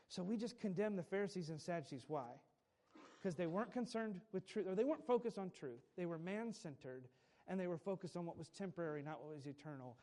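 A man's voice: on the high side, lively intonation, brisk, dark tone. A male preacher delivering a sermon with emphatic, repetitive phrasing and light chuckles.

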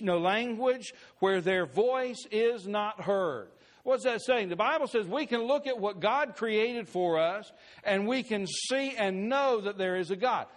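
A man, a pastor, preaching a sermon with slow, emphatic scripture readings. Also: sits high.

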